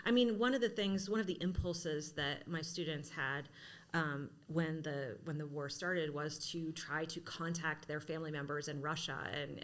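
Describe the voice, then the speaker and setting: A middle-aged woman lecturer talks through her ideas in a podcast conversation. Her voice sits a little low for a woman, and she hedges and circles back with frequent "sort of" and "right?". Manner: reflective, hedging with "sort of" and "right?". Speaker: university lecturer, podcast guest. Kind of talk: thoughtful conversational discussion.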